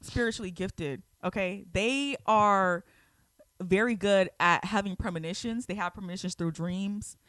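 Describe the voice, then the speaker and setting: A woman's voice: mid-range voice, normal speed, fairly bright tone, dry recording. A woman in her twenties co-hosting a podcast, chatting casually and backing up her co-host. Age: 20s. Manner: supportive backchannels, laughs along. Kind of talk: casual chat.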